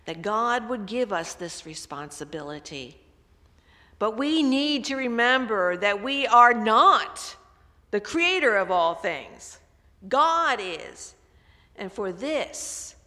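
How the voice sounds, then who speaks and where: A woman pastor preaching a sermon, telling stories and building louder for emphasis. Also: on the high side, big-room sound. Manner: storytelling, swelling louder for emphasis.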